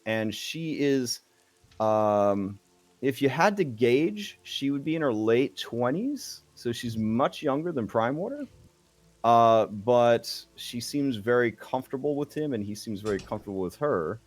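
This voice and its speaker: A man narrating as game master of a tabletop game, slow and hesitant with many fillers. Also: mid-range voice, expressive, no room sound.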